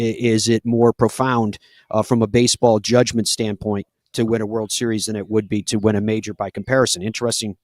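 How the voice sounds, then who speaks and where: A man's voice: mid-range voice, no echo. A man hosting a live golf talk show, telling stories in an earnest, conversational way with frequent fillers.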